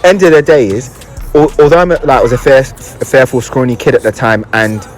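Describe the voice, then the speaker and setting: A man's voice: mid-range voice, expressive, brisk, soft background music. A young adult man, a guest telling a personal story in a casual, reflective and hesitant way, often searching for words.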